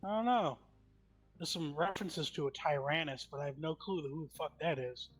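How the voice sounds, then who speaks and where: A man's voice: on the high side, fairly quick, soft background music. A man talking casually in character during a role-play game, hesitant and full of fillers.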